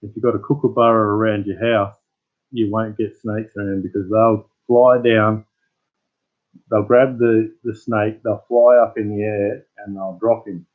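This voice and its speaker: A man's voice: lowish voice, little pitch movement, measured pace, narrow, tinny audio. An Australian man hosting his channel, chatting casually with live viewers as a rambling, laid-back storyteller. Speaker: channel host.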